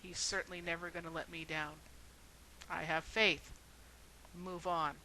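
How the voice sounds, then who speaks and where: A woman's voice: fairly low pitch, level tone, a little slow, bright, forceful tone, a little hiss or hum, rough recording. A woman voicing a stubborn, devout man who insists his faith will save him, speaking insistently and then pleading.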